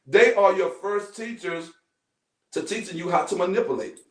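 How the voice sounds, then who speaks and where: A man hosting a podcast, talking with teens in an animated, storytelling way. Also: sits high, normal speed. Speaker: podcast host. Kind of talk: casual group discussion. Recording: echoey room from far off.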